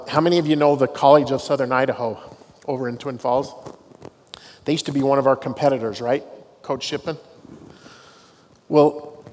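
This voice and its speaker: A man's voice: mid-range voice, a little mellow. A middle-aged man, a dean of students, giving a devotional talk to students with storytelling and self-deprecating humor. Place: large hall on a university campus. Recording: long hall reverb, faint noise.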